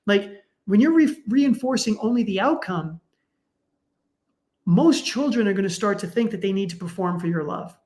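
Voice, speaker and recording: A middle-aged man, a sports psychologist guest, speaking in a conversational, animated way and acting out the people in his stories. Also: moderate pace. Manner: animated, acts out quoted parents with raised pitch. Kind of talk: conversational storytelling.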